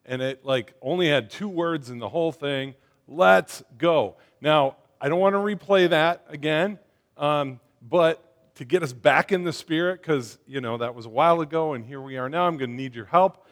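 A man giving a casual sermon to his congregation, talking conversationally with lots of fillers and getting them to shout back. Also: on the high side, normal speed. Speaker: church speaker.

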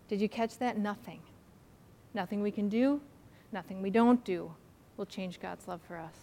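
A woman's voice: mid-range voice, normal speed, pauses often, dark tone, big-room sound. A woman preaching a sermon, earnest and emphatic, acting out a story as she teaches. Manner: earnest and emphatic, acts out stories.

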